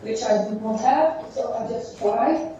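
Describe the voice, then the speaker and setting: A woman teacher giving a classroom lecture, thinking aloud in halting phrases while she draws on a board. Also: fairly high pitch, warm tone, a little hiss or hum. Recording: echoey dull room sound from far off.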